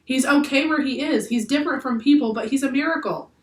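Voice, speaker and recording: A woman voicing an earnest, brave young boy in a storybook reading, pleading loudly. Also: high-pitched, a little fast, voice pushed up, close to an everyday voice. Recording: echoey room, far from the mic.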